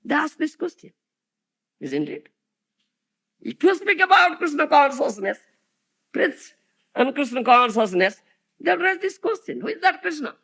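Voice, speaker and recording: High, gravelly man giving a slow lecture. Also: big pitch swings, fairly bright tone. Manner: rhetorical questions with frequent "huh?" and "isn't it?" to the audience. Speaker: spiritual teacher. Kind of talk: devotional lecture.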